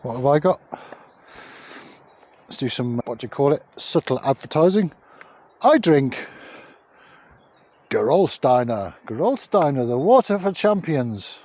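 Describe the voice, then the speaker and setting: A man's voice: fairly high pitch, lively intonation, a little slow, long pauses, darkish tone. Chatty, swearing man outdoors. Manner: chatty, jokey, swears freely. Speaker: vlogger. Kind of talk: casual travel vlog. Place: outdoors on a cycling trip.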